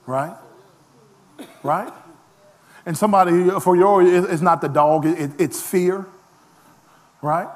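A man preaching a lively sermon as pastor, self-deprecating, with frequent call-and-response asides. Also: high-pitched, slow pace, long pauses.

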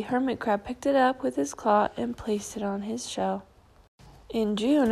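A woman reading a children's picture book aloud in a calm, clear storytelling manner. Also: medium pitch. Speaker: storybook reader.

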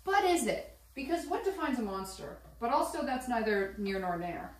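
A woman chatting while she cooks at home, rambling and excitable, swearing casually and laughing as she goes. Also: a little high, normal speed. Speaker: vlogger. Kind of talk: casual cooking vlog chat. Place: home kitchen. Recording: echoey room, voice a bit far from mic.

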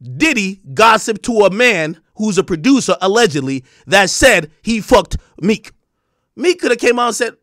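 A man in his thirties ranting on a stream, animated, profane and mocking. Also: high voice, moderate pace, no echo, studio quality. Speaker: streamer commentator. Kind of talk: ranting commentary.

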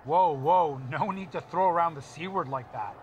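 An actor playing a smooth, persuasive male wrestling manager in a video game. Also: a little high, moderate pace, dull audio, slight background noise, lightly acted. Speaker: game character.

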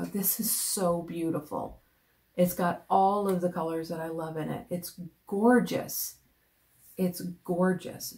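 A woman vlogger chatting casually as she unboxes gifts on camera, gushing and often dropping into breathy whispers of delight, rambling with restarts. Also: on the low side, darkish tone. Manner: rambling with many restarts and fillers. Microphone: camera mic.

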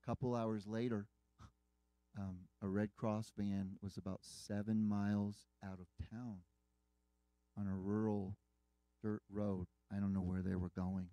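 Guy preaching, earnest storytelling, mellow voice, dry close sound. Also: lowish voice, little pitch movement, a little slow, no echo. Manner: earnest, retelling a story with quoted dialogue. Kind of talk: sermon storytelling.

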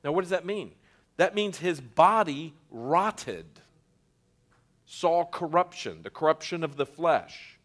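A man's voice: fairly high pitch, animated, a bit bright. Earnest man teaching a sermon. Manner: earnest, emphatic, with frequent restarts and slowed stresses. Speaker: pastor teaching a Bible class. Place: church.

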